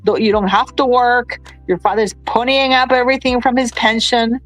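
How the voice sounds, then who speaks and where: A woman's voice: on the high side, fairly even intonation, no echo, faint music behind, poor audio. A woman talking in a casual livestream chat, emotional and indignant, often stumbling and restarting her sentences. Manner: halting, many restarts, tearful and indignant. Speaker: commentator on a livestream.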